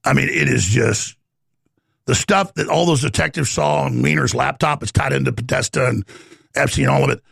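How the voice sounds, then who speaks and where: A man's voice: mid-range voice, moderate pace, creaky, a bit bright, husky, dry recording, clean studio sound. A middle-aged man hosting a talk show, ranting in a rambling, heated monologue.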